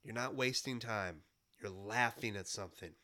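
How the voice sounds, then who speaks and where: A man's voice: lowish voice, sharp tone. Rambling man podcast host with a cold. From Midwestern United States. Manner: rambling, nostalgic, halting with many fillers. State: has a cold. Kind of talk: casual monologue.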